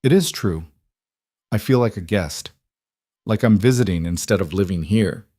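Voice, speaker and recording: A stressed career woman, clipped and defensive, spoken in a fairly low voice as a male narrator voices her. The delivery is dry and close with no room around it. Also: animated, mellow, dry recording. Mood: strained. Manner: clipped, tense, quick to defend herself.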